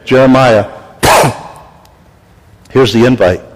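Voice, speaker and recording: A man preaching a sermon as pastor, animated, acting out voices and crying out for emphasis. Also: medium pitch, takes it slowly, long pauses, a little hiss or hum. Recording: long hall reverb.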